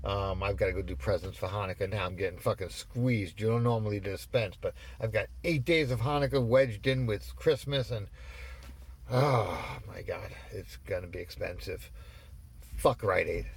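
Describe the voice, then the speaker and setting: A man's voice: lowish voice, moderate pace, gravelly, breathy edge. A man in his fifties ranting in a rambling, exasperated way, swearing as he goes. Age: 50s. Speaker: ranter. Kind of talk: casual rant.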